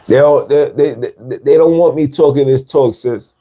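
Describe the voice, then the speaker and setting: A man's voice: mid-range voice, moderate pace, mellow. A man hosting a podcast, talking casually in street slang and repeating words for emphasis. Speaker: podcast host. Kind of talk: casual monologue.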